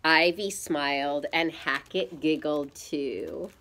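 Slow gentle woman reading to children. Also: low-pitched. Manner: gentle, teacherly, asks children questions. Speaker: storyteller for children. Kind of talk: picture-book read-aloud with asides.

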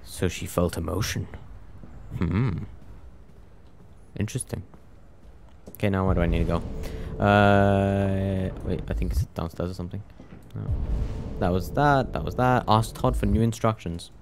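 A man's voice: low voice, measured pace, gravelly, a little hiss or hum. A young man giving casual let's play commentary, muttering wry reactions to a game. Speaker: gameplay commentator. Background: game music.

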